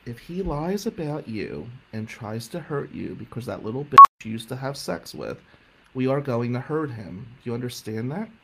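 A man voicing a tough, protective middle-aged aunt who makes profane threats in a low, menacing way. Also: animated, moderate pace, gravelly, very noisy, exaggerated voice. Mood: cold menace.

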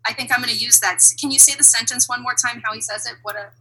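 A woman talking as an interview guest, reflective and animated, laughing now and then. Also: fairly high pitch, fast talker, breathy edge, poor audio. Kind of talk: conversational interview.

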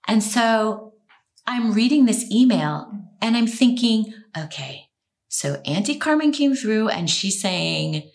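A woman guest telling a personal story in conversation, in an animated, expressive way with quick laughs. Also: on the high side, creaky.

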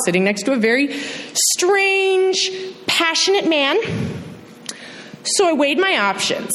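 High, animated young woman storyteller. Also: long reverb tail. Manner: animated, self-mocking, acts out dialogue. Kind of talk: live personal storytelling.

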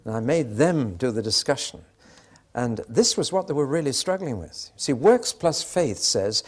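A man's voice: mid-range voice, lively intonation, normal speed, husky. An older British man preaching a sermon, telling stories and acting out the voices in the exchanges he recounts. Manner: storytelling, acts out quoted exchanges.

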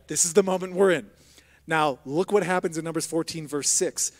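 A man preaching a sermon as pastor, moving between hushed prayer and loud, emphatic exhortation. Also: on the high side, brisk. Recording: long hall reverb.

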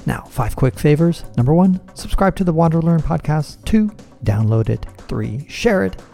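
A man hosting a podcast, asking short questions and reading a steady scripted outro. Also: on the high side, moderate pace, vocal fry, soft background music. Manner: brief interjections, then a steady read list of links. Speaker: podcast host.

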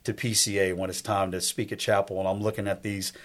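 A man's voice: on the low side, flat delivery, brisk, fairly bright tone. A man in his fifties, a guest in a faith-based conversation, who talks emphatically in a preacherly rhythm and repeats his key lines. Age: 50s. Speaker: guest on a faith talk show.

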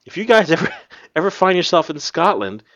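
A man's voice: a little high, sing-song, fairly quick, a bit bright, dry recording, dull audio. A man hosting a podcast, reading listener mail aloud in a casual, chatty way and laughing often. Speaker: podcast host.

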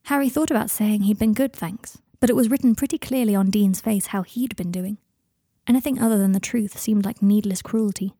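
A woman narrating a fan-fiction story in an even, steady storytelling manner. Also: medium pitch, fairly quick, no room sound, clean studio sound. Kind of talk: audiobook narration.

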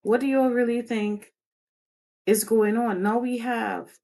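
A woman hosting a livestream, giving fiery, preachy commentary and swinging her pitch up and down as she speaks. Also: steady tone, a little slow, warm tone. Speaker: host.

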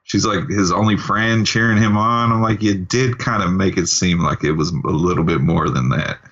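A man's voice: low-pitched, moderate pace, fairly bright tone, lo-fi sound. A man co-hosting a podcast, chatting casually about a movie with dry, wry comments. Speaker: podcast co-host.

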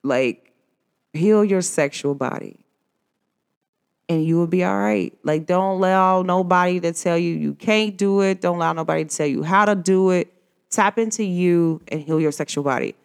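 A woman's voice: on the low side, vocal fry, smooth. A woman hosting her own podcast, talking casually and a bit like a preacher to her listeners, with speech patterns. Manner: preachy, informal, addresses listeners as y'all. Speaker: podcast host. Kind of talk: casual motivational podcast talk.

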